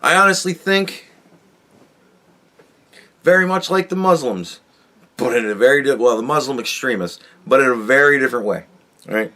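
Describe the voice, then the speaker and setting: A man's voice: mid-range voice, lively intonation, moderate pace, pauses often, pushed and bright. A man hosting his own show, ranting alone in a casual, exasperated and sarcastic way, swearing and restarting his sentences often. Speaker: podcast host. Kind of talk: casual solo rant.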